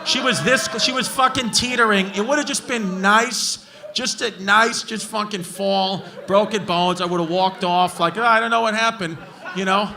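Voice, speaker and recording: A man with a New York accent doing brash, profane stand-up crowd work, roasting hecklers and often shouting. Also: sits high, steady tone, normal speed. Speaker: stand-up comedian. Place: comedy club stage with a laughing crowd. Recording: live club audio with crowd laughter.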